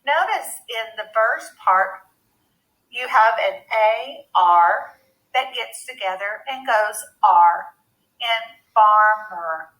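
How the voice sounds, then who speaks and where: A woman teaching a phonics lesson to young children, speaking slowly and clearly with a deliberate teacher's manner. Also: on the high side, animated, a bit bright, low-quality recording.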